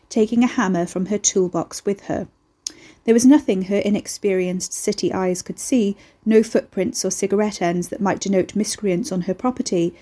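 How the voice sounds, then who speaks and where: A woman narrating a novel chapter as an audiobook, in a steady, measured way. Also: medium pitch.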